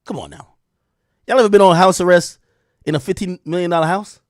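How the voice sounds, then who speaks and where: A young man hosting a show, telling a story to viewers in a casual, profane and slangy way, with loud exclaims and quiet asides. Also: sits high, brisk, no echo, clean studio sound. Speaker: show host.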